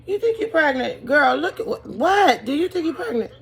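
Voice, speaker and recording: A woman's voice: lowish voice, fairly quick, fairly bright tone. A woman voicing a blunt, no-nonsense doctor who talks in a sassy, incredulous way within a retold story.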